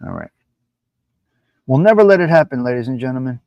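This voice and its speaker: New man, cocky profane stream host, higher voice, dry close sound. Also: sing-song, normal speed, long pauses, no echo. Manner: swaggering, profane, repeats lines for emphasis. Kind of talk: brash casual live-stream chat. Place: his apartment.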